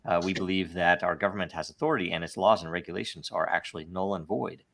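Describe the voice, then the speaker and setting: Low bright-voiced man hosting a podcast. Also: steady tone, fast talker, gravelly. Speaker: podcast host. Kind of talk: casual podcast discussion.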